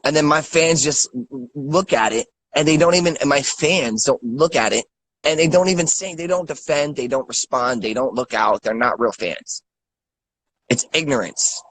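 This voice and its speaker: A man's voice: mid-range voice, moderate pace, a bit bright, dry recording, low-quality recording. An angry man in his thirties ranting with lots of swearing and stammered repeats. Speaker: guest. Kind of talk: angry rant.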